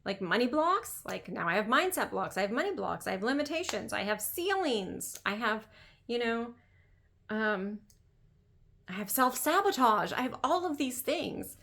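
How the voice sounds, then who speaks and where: A woman's voice: a little high, big pitch swings, normal speed, gravelly, a bit bright. Chatty lady coach talking straight to camera, says like a lot, keeps repeating herself for emphasis. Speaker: business coach. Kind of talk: casual monologue.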